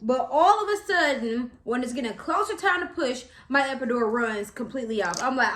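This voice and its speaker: Chatty, bright-voiced young woman telling a story. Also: high-pitched, brisk, few pauses, echoey room. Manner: animated, chatty, slangy, with acted-out quotes. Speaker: vlogger. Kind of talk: casual storytelling to camera.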